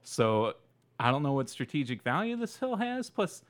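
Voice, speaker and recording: A man's voice: a little high, big pitch swings, normal speed. A man co-hosting a podcast, telling a story in casual chat with lots of laughter and loose asides. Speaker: podcast co-host.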